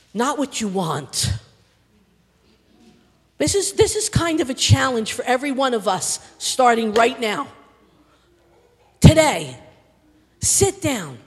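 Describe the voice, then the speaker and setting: An older woman preaching a sermon with passion, repeating words for emphasis and swinging from loud to hushed. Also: on the high side, slightly rough. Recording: long reverb of a large hall.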